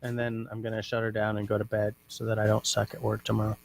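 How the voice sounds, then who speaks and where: A man hosting a casual livestream who reads out viewer comments in a relaxed way. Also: lowish voice, fast, gravelly. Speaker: livestream host reading chat.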